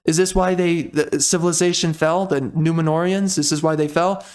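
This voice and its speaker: High-voiced man in an exasperated rant. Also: fairly even intonation, moderate pace, darkish tone, clear, resonant tone. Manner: exasperated, indignant ranting with mild swears. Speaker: video reactor. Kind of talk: comedic trailer reaction rant.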